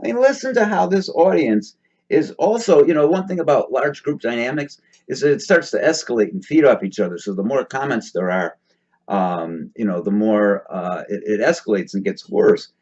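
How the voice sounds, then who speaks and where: A man's voice: medium pitch, expressive, normal speed, a little mellow, dull audio. A man hosting a casual commentary, reading out chat comments with sarcastic asides and lots of hesitant fillers. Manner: sarcastic, mutters asides between read-out comments; frequent hesitant fillers and restarts. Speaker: host reading out live-stream chat comments.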